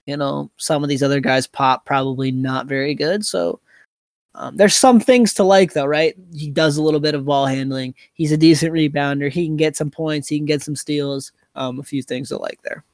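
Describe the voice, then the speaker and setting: A man's voice: on the high side, normal speed, no echo, clean studio sound. A man co-hosting a fantasy basketball podcast, talking casually with lots of fillers. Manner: conversational, hedging fillers. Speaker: podcast co-host.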